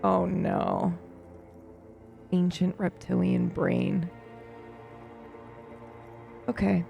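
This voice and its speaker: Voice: mid-range voice, huge pitch swings, very slow, creaky, lo-fi sound. A streamer chatting casually through a game playthrough, reacting and swearing casually, talking to viewers. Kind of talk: casual let's play commentary. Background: faint game music.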